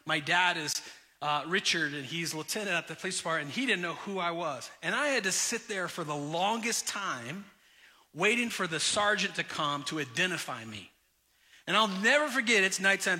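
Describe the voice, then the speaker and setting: A pastor with a bright, forceful voice preaches to his congregation, moving between personal anecdotes and direct appeals. His voice carries a long reverb from the church hall, and he sits a little above other men in pitch. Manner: energetic storytelling preacher, direct address. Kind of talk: sermon.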